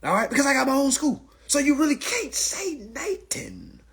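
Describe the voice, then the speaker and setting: A man ranting casually and profanely on a phone livestream, animated and loud. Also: very high-pitched, normal speed, creaky. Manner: animated, profane, mimics others' voices. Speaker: livestream host.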